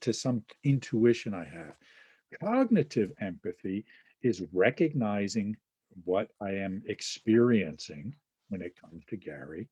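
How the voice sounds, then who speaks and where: A man's voice: on the low side, darkish tone, husky, no room sound. A man hosting a webinar, teaching casually and acting out small example scenes with lots of fillers. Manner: acts out little scenes with quoted voices, many fillers and asides. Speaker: webinar host and Enneagram teacher.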